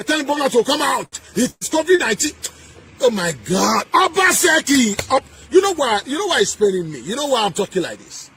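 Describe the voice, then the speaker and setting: A man with a Nigerian accent delivering a heated political rant, emphatic and repetitive, with sing-song rises and shouted bursts. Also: extremely high pitch, big pitch swings, fast, few pauses, slight background noise. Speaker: political commentator.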